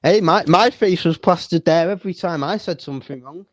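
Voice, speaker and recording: A man with a Manchester accent in casual chat as a caller on a live stream, excitable and sweary, often stammering and restarting his words. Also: a little high, a little fast, crowd noise. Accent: Mancunian. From England. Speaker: caller on a livestream panel.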